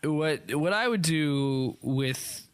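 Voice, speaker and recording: A man in his twenties in casual podcast chat, rambling through a show pitch with fillers, restarts and some swearing. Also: expressive, very slow, clean tone. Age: 20s. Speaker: podcast co-host. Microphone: desk microphone.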